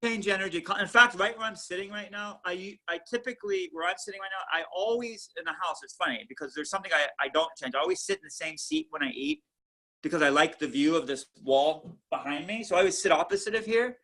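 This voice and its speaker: Man, bright voice, fairly high, animated storyteller, casual interview chat, indoors at home. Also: fast. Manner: animated storyteller, repeats words and restarts. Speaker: museum founder and artist.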